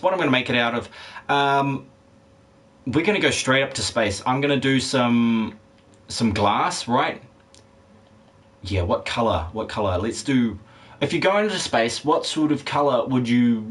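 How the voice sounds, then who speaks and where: A man's voice: mid-range voice, animated, moderate pace, a bit bright. Guy streaming a game and chatting w chat, rambly and jokey, swears a lot, medium voice. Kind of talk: casual live-stream chat.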